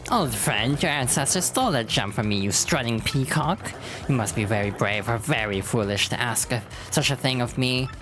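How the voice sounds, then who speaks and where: Girl doing a snooty skeleton pirate captain, big drawn-out villain lines, game music going. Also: rumbling low. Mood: scornful. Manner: haughty, drawn-out theatrical threats. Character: boastful ancient male skeleton pirate captain.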